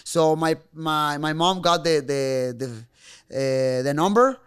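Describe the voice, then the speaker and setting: Mexican man, smooth voice, halting English. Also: on the high side, fairly bright tone. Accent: Mexican Spanish. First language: Spanish. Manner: halting, many restarts and fillers. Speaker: guest fighter. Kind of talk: casual interview talk.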